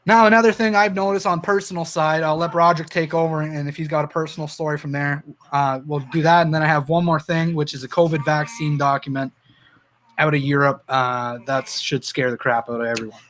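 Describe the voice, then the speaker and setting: A man's voice: a little high, level tone, fairly quick, fairly bright tone. A Canadian man hosting a livestream, telling personal stories and reading viewer comments aloud in an earnest, emotional way. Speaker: livestream host.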